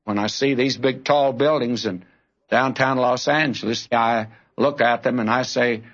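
A man's voice: mid-range voice, fairly even intonation, a little slow, a bit bright, muffled recording. A man preaching a sermon in an earnest, direct way, calling his listeners friend and brother.

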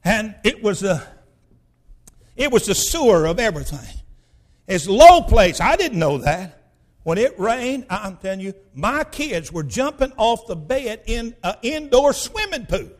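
A male pastor, telling a personal story in a sermon in a folksy, emphatic way that bursts into shouting. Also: high-pitched, sing-song, measured pace.

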